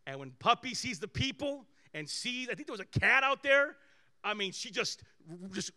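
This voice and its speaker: A male pastor giving a conversational sermon, telling personal stories with animated swings between loud bursts and hushed asides. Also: extremely high pitch, moderate pace.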